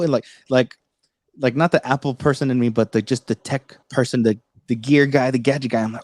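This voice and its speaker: A man's voice: mid-range voice, steady tone, fairly quick, darkish tone, dry recording, studio quality. A man hosting a casual tech livestream, rambling with many fillers and restarts. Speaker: livestream host.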